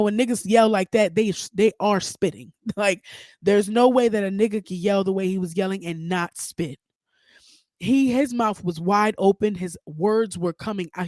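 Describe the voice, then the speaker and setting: A woman hosting a podcast, giving outspoken, animated, profane commentary. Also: lowish voice, dry recording, studio quality. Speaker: podcast host. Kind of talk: casual commentary.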